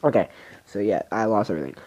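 A man's voice: fast talker, darkish tone, dull audio. A teenage boy whose voice is breaking, rambling goofily through casual gameplay commentary. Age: teens. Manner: goofy, rambling, jumps into squeaky silly voices. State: voice breaking with adolescence. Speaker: gaming video creator.

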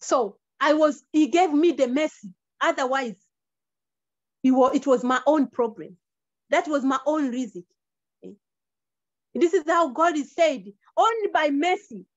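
A woman's voice: high voice, animated, unhurried, pauses often, darkish tone, no room sound. A woman giving an earnest sermon testimony, repeating herself often, over a video call. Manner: earnest, repetitive, non-native phrasing. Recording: dull lo-fi online call audio.

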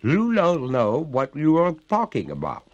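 A man's voice: fairly high pitch, huge pitch swings, lo-fi sound, voice pushed up. A man voicing a gurgling ghost maiden. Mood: haughty, mournful. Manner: slow, stately and reproachful. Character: gurgling, haughty ghost of a drowned young woman. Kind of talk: storybook reading.

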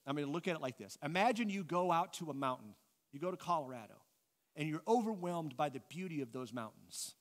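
Animated Midwestern man lecturing a class. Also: fairly high pitch. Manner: animated, thinking out loud, asks the class questions. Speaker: adult class teacher.

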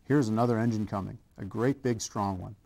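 A man's voice: lowish voice, brisk, vocal fry, mellow. A man voicing a cheerful, hopeful little male toy clown in a storybook, calling out eagerly.

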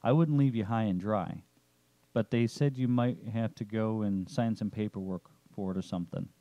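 A man voicing a raspy, caring old father figure in a narrated story. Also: lowish voice, moderate pace, no room sound, muffled recording, close to an everyday voice. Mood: frank.

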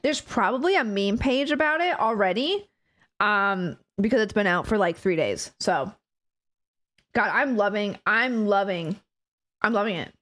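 A woman streaming live, chatting casually and excitedly with her viewers, giggling often and thanking them warmly. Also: medium pitch, a little slow. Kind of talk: casual chat to a live audience.

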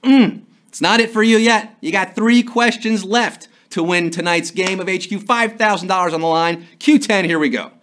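A man's voice: sits high, moderate pace, hardly any pauses, a bit bright. A man hosting a live trivia game show, with jokey, hyped-up patter.

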